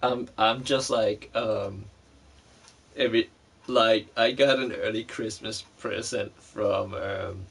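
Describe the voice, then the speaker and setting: Man vlogger, low voice, unhurried, rambling casual story full of fillers and cursing. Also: fairly even intonation, gravelly, a bit bright, breathy edge.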